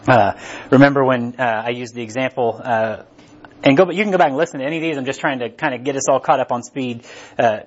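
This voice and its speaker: A man's voice: medium pitch, fast. Conversational male preacher, slightly muffled. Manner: conversational, asks "right?" often. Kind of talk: casual sermon.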